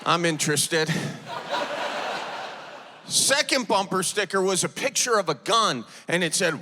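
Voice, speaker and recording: A man's voice: sits high, unhurried, pauses often. Folksy Midwestern man doing stand-up. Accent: Upper Midwest. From Wisconsin. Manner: folksy, animated, playful storytelling. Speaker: stand-up comedian. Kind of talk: stand-up comedy set. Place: large theater stage before a live audience. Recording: loud live audience noise.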